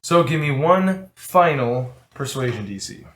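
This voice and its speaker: A man's voice: medium pitch, animated, a little slow, a bit bright, a little hiss or hum. A man running a tabletop game as game master, talking casually with many restarts. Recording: echoey room.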